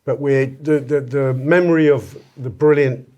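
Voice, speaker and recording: A man hosts a casual football podcast in a playful, jokey way. He talks at an average pitch and laughs his way through the chat. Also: fairly even intonation, measured pace, dark tone. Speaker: podcast host.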